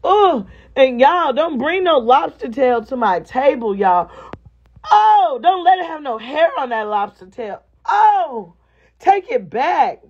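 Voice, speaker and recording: A woman's voice: sits high, very animated, slow pace, muffled recording. A woman vlogger chatting casually and expressively straight to her viewers. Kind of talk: casual vlog chat to viewers.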